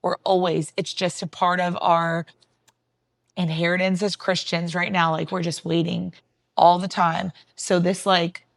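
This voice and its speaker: A woman hosting a podcast, talking in a relaxed, encouraging and reflective way. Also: lowish voice, a little slow, creaky, dry recording. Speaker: podcast host. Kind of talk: casual faith chat.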